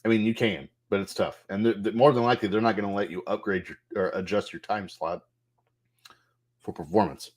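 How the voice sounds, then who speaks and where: A man with a somewhat low voice talks through a game's menus in a loose, off-the-cuff way, swearing now and then. He thinks aloud as he clicks around, and keyboard clicks can be heard behind him. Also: steady tone, fairly quick, darkish tone. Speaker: gameplay streamer. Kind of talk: casual game walkthrough commentary.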